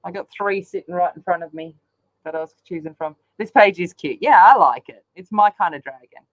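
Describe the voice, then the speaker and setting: A woman's voice: lowish voice, fairly quick, dry recording, muffled recording. A woman chatting casually while she colours, rambling along with lots of ums. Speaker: colouring channel host. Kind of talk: casual chat while colouring on a live stream.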